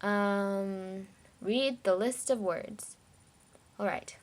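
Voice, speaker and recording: A woman's voice: mid-range voice, drawn-out words. A young woman from China, talking casually and reading out a word list for her vlog, hesitant with many fillers.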